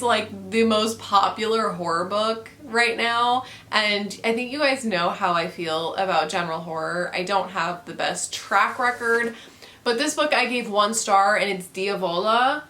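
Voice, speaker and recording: A woman's voice: mid-range voice, pushed and bright. A young woman in a casual book review chat, ranting with frequent swearing and laughter. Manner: profane, ranting, laughs often.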